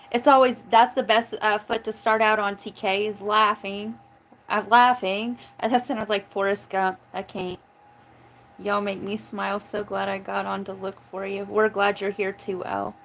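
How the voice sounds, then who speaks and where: A woman's voice: mid-range voice, level tone, moderate pace, gravelly, a bit bright, slight background noise, poor audio. A chatty woman from Oklahoma hosting a live tarot stream. She talks in a loose, casual way, swears freely, cracks jokes and breaks into laughter often. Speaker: tarot reader reading live chat. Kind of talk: casual livestream chat.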